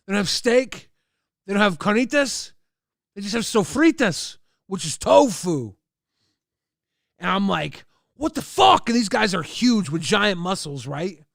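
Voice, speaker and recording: A man on a livestream spins a profane, exaggerated comic tale in a boisterous way. His voice sits high and carries a gravelly fry. It sounds dry and close, with no room around it. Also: expressive, unhurried, long pauses, dry recording. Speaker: livestream host. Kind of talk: comic storytelling to chat.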